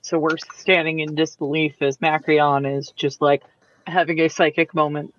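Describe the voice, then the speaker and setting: High-voiced animated male player. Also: normal speed, highs cut off, slight background noise. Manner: animated, narrating own character. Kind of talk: tabletop game chat.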